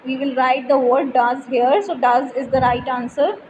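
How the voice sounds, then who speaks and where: A woman's voice: sits high, steady tone, moderate pace, highs cut off. A woman with an Indian English accent teaching a grammar lesson, explaining step by step and reading example sentences aloud. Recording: reverberant room with faint noise.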